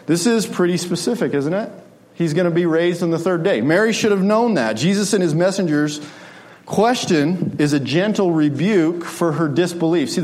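A man's voice: on the high side, darkish tone. A man preaching a sermon in a conversational way, often asking his listeners rhetorical questions.

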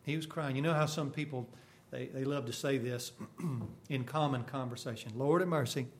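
A man preaching a sermon, swinging from sudden loud bursts to hushed, quiet lines. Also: medium pitch, steady tone, moderate pace.

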